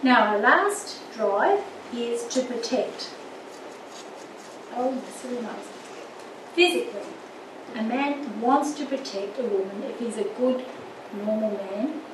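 A woman's voice: a little high, slow pace, pauses often. An older woman teaching a church marriage course, earnest and storytelling, acting out little quotes. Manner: earnest, with lively anecdotes and acted quotes. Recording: echoey room, distant mic, background noise.

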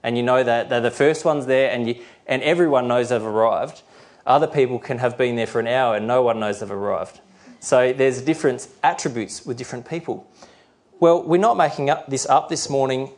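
A middle-aged man delivers a sermon at an even, mid-range pitch. He explains each point plainly, with the odd filler and restart, and slows right down to read scripture verses carefully. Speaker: preacher.

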